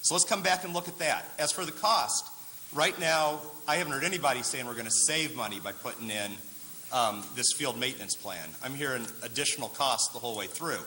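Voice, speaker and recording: A man's voice: mid-range voice, a little fast, bright, forceful tone. A man speaking at a public meeting, persuasive and arguing point by point from a floor microphone. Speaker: resident speaking at town meeting. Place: large meeting hall. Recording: echoey hall, faint hiss.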